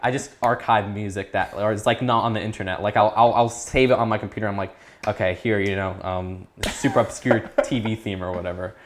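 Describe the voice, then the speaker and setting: A young man in his teens talking casually as an interview guest, rambling with restarts and perking up when excited. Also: on the low side, brisk, slight background noise. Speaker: YouTube creator, guest.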